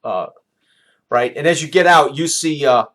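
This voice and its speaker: A man narrating a tabletop game as game master, halting, with many fillers and restarts. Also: mid-range voice, fairly bright tone.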